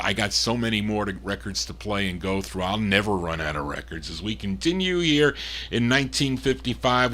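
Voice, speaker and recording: A man hosting a record show, introducing songs and reading out listener requests in a chatty, relaxed way with the odd chuckle. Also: lowish voice. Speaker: radio-style record show host. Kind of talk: casual disc jockey patter.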